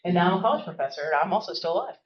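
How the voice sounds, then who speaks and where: A woman's voice: lowish voice, expressive, echoey room, dull audio, a little hiss or hum. A woman professor from the American South with a Southern accent, giving a chatty, interactive workshop talk in a classroom and often asking "right?". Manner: fast-talking, chatty, often adds "right?". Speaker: college professor.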